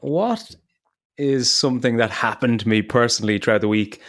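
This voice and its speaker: A man's voice: mid-range voice, normal speed, fairly bright tone. A man hosting a podcast in casual, upbeat chat, laughing often. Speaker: podcast host.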